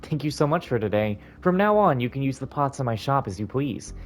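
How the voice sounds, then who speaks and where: A gamer voicing a kindly woman who runs a restaurant, speaking in a gentle, reassuring way. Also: medium pitch, animated, a little fast, soft background music, lightly acted. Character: kindly woman restaurant owner, warm and motherly.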